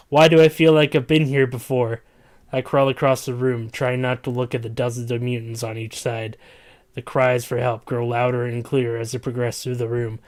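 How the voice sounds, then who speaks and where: A man reading a comedic story aloud in a dramatic, stumbling way. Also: medium pitch. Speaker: reader.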